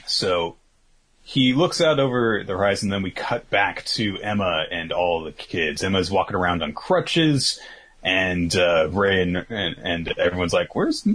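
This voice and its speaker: A man's voice: low voice, a bit bright, slightly rough. A man casually recapping a story in a rambling, filler-heavy way. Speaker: podcast host recapping manga. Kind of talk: casual chat.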